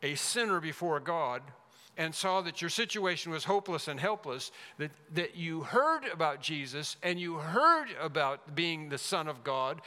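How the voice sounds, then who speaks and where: A man preaching an expository sermon as pastor, emphatic, rising loud then dropping to a hush. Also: fairly high pitch. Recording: long reverb of a large hall.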